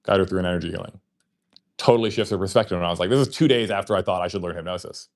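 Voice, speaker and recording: A man's voice: low voice, very fast. A man hosting a livestream, telling a long casual story in a rambling way, full of fillers and swearing. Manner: acts out remembered conversations in his telling. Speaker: livestream host.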